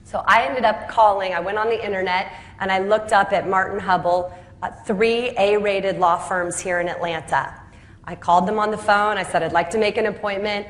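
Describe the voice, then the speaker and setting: A woman telling the story of how she built her business, lively and laughing at her own anecdotes. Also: mid-range voice, moderate pace. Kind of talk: storytelling talk. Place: home city Atlanta.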